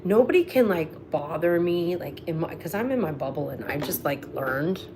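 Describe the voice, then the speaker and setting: Over ukulele strumming and a noisy background, a woman with a low-pitched, animated voice chats on a live stream at a moderate pace. She rambles between sung snippets, poking fun at herself and laughing in asides.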